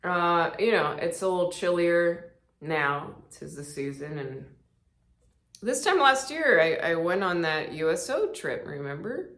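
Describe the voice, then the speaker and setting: A woman's voice: fairly low pitch, expressive, measured pace, a bit bright, roomy sound. A woman comedian telling casual funny stories, acting out quotes in different voices and laughing often. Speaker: comedian podcast host. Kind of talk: casual storytelling monologue.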